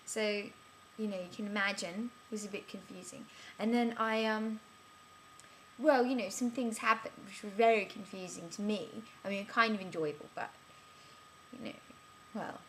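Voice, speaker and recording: A woman's voice: mid-range voice, moderate pace, slight background noise, close to an everyday voice. A woman, playing a flustered amnesiac in a scripted character vlog, who rambles with many restarts. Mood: rambling, bewildered. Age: 30s. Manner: rambling, breathless, many restarts and filler words. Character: flustered woman in her thirties with amnesia, chatty and bewildered.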